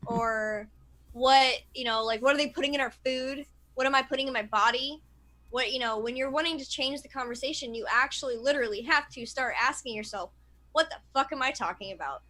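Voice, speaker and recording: Bright, animated woman co-host. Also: sits high, a little fast, poor audio. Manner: animated, swears freely. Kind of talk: casual panel chat.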